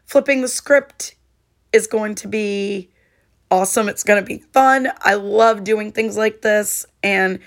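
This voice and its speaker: Slow, heartfelt woman with a hoarse voice. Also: medium pitch. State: hoarse, voice cracking. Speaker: podcast host. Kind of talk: solo podcast monologue.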